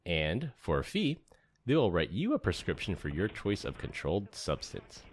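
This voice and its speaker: Man, podcast host, very low pitch, brisk rundown reader. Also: wildly swooping pitch, husky. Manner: jokey, reads topic rundown briskly. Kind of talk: casual chat and show intro.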